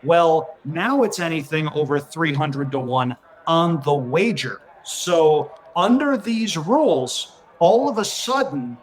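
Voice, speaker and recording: Male podcast guest, slightly high voice, plain explainer, dry and practical. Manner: matter-of-fact, explains with numbers. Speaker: podcast guest, racing handicapper. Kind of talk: casual chat.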